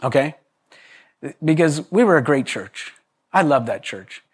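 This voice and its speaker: A man preaching to his congregation in a lively, story-driven way. His voice sits a little high for a man, and he breaks into laughter and quick impressions of the people in his stories. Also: breathy edge. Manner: animated storyteller, acts out quoted voices, laughs often, many restarts. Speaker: pastor. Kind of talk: sermon with storytelling.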